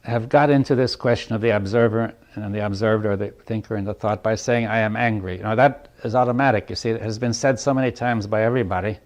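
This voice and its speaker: A man giving a reflective talk to a group, thinking aloud in halting phrases, checking in with "right?" and chuckling lightly between points. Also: lowish voice, steady tone, darkish tone. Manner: thoughtful, halting, often asks "right?". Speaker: speaker leading a group dialogue.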